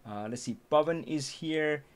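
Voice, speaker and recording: A man hosting a live stream, chatting casually with an animated manner, laughing often and restarting his sentences. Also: fairly high pitch, moderate pace. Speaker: livestream host.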